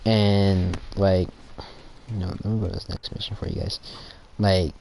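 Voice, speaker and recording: Deep-voiced teen guy rambling. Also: little pitch movement, gravelly, dark tone, slight background noise. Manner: rambling, halting, many restarts and fillers; acts out friends in quoted voices. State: sore teeth from aligners. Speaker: gaming channel creator. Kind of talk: casual rambling talk while gaming.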